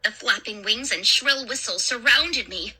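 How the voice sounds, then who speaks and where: A woman storyteller reading a first-person horror story in a dramatic, expressive way. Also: fairly high pitch, a little slow, husky. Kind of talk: scripted horror story narration.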